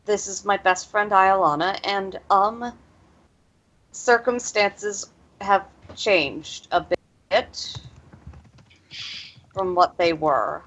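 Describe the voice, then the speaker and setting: A woman's voice: mid-range voice, extremely slow, long pauses, fairly bright tone, dull audio. Woman doing Leilani, a shy, stammering young man. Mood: gentle, hesitant. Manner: hesitant, stammering. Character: shy, gentle young man, a Pokemon trainer.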